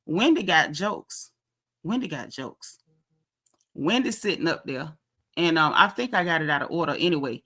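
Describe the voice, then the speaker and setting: A woman's voice: low-pitched, animated, moderate pace, fairly bright tone. A woman, hosting a casual, sassy recap and acting out quoted lines for her live chat. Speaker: reality show recap host.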